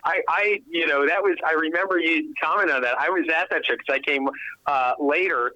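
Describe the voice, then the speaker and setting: A man talking fast on a radio chat, his voice bright and keen. He comes through a muffled, dull line and reflects on past shows. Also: a little high.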